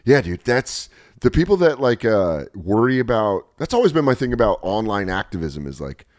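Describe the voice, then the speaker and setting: A man hosting a podcast in casual chat, animated as he tells stories and acts out little bits. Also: lowish voice, moderate pace, no echo, studio quality. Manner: animated storytelling, acts out bits with sudden yelps. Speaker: podcast host.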